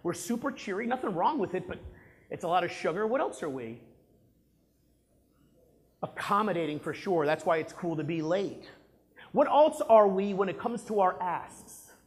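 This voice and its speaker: Lively, high-voiced man quizzing a crowd. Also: normal speed, long pauses. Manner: animated, quizzes the audience, acts out examples. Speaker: sales trainer giving a talk. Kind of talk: live presentation to an audience.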